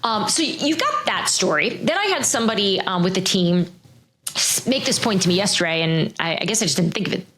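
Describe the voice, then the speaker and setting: Middle-aged woman cohosting a sports show, chatty and animated, lots of ums and restarts, bouncy pitch. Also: a little fast. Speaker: podcast host, NFL insider. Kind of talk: casual chat.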